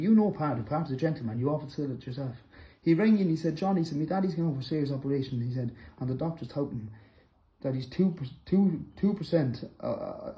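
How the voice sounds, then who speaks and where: A middle-aged man, angrily calling out a rival directly to camera, accusing and repetitive, breaking into loud bursts. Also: a little high, muffled recording. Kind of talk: angry direct-to-camera callout.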